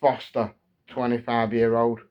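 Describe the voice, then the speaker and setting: This angry fan rant comes from an English man in his thirties, heated and repetitive, his frustration mounting as he talks to camera on his channel about football. The voice is mid-range and level, the pace measured, and the recording muffled.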